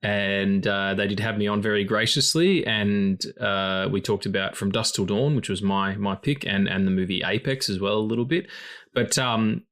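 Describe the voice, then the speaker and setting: A man's voice: on the low side, normal speed, a bit bright. A man co-hosting a film podcast, talking loosely and swearing freely. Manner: loose, chatty, swears freely, many fillers. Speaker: podcast co-host. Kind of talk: casual film podcast chat.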